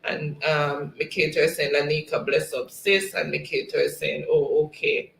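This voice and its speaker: A man's voice: a little high, level tone, normal speed, creaky, fairly bright tone, echoey room, rough recording. A man hosting a casual livestream, reading viewers' comments aloud in a friendly way and laughing often. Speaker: livestream host.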